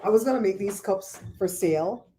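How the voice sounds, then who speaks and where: A middle-aged woman hosting a casual livestream from home, chatting and telling stories in an animated way. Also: medium pitch, a little fast. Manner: chatty, animated storyteller reading chat. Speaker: livestream host.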